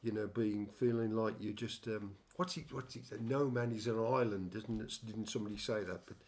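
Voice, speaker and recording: A man's voice: lowish voice, fairly even intonation, moderate pace, darkish tone. An older man hosting a casual music chat, telling a long story with many restarts and wry asides. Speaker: show host and songwriter.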